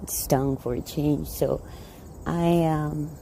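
A woman's voice: low-pitched, steady tone, slow pace, gravelly, dark tone, slight background noise, rough recording. A woman talking casually while she waters her garden outdoors, rambling, laughing and repeating words. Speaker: vlogger. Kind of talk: casual chat.

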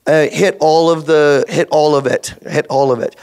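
A man's voice: a little high, fairly even intonation, normal speed, a little mellow, smooth. A man with a Canadian accent, a voice actor speaking on a convention panel, giving career tips in a rambling, jokey way full of restarts. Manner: rambling, jokey, self-interrupting.

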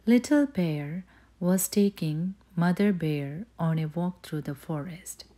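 A woman reading a bedtime story aloud, slow and gently soothing. Her voice sits low and warm, mellow and a little husky, often sinking to a breathy hush. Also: lively intonation.

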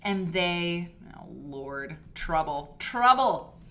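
A woman's voice: mid-range voice, lively intonation, moderate pace, fairly bright tone, a little hiss or hum. A woman hosting a casual live quilting stream, gushing and chatty, rambling with fillers and restarts. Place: home studio. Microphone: desk mic for a live stream.

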